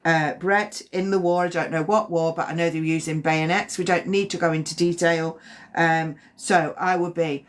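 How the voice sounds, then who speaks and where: A woman with a slightly low voice speaks as a medium on a live stream. She talks haltingly, circling back over her own words, gentle and reassuring in tone. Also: fairly even intonation. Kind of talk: live-stream spirit reading.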